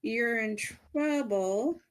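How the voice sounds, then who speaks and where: A woman's voice: on the high side, extremely slow, voice pushed up. A woman voicing a fed-up young woman who scolds in a firm, clipped way. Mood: stern.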